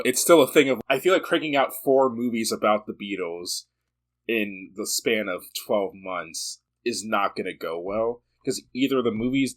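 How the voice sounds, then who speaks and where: A man's voice: lowish voice, fairly bright tone. A man co-hosting a podcast in casual chat, musing with strong opinions and laughing easily. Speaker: podcast co-host.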